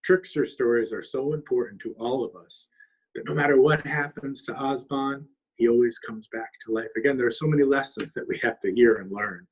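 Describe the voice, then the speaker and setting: Husky-voiced man telling a story. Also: mid-range voice, fairly quick, rough recording. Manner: lively, weaves in Abenaki words. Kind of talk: oral storytelling. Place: longhouse.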